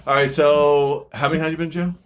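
A man who is a pastor, hosting a casual podcast chat, asking quick questions and laughing often. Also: a little high, fairly even intonation, a crowd in the background.

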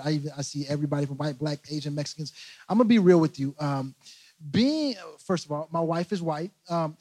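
A man's voice: on the high side, no echo. A young man preaching a casual, humorous sermon as pastor, joking, laughing at himself and repeating phrases. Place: church service in a large room. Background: loud guitar music.

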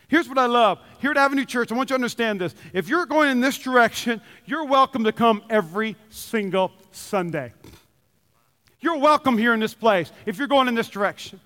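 A man's voice: very high voice, lively intonation, a little fast, a bit bright. A man preaching a sermon in a church, passionate and emphatic, repeating his key phrases and getting worked up. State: sweaty. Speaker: pastor. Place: church sanctuary. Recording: long church hall reverb.

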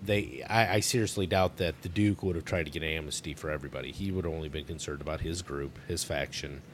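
A man's voice: rumbling low, fast, a little hiss or hum. A man co-hosting a podcast, chatting casually about a movie in a laid-back, blunt way. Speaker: podcast co-host.

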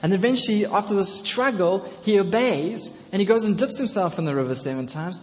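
A man preaching a sermon to his congregation, telling a story with repeated phrases and building to loud, emphatic calls. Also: sits high, expressive, a little fast. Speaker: pastor. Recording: long reverb of a large hall.

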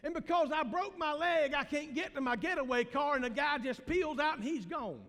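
High-voiced Southern pastor preaching in a church hall. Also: male voice, normal speed. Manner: preaching with big swings from loud shouting to hushed low tones. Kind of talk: sermon. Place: church sanctuary.

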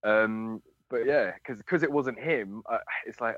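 A man telling a rambling story in casual chat, with many pauses and fillers. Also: mid-range voice, fairly bright tone, dry recording. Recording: dull lo-fi dry sound.

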